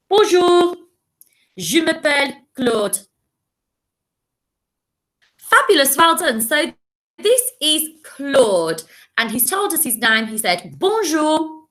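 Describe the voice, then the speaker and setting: A young English woman teaching a recorded French lesson to primary school children, speaking slowly and encouragingly. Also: fairly high pitch, pushed and bright. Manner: slow, encouraging, sings simple tunes.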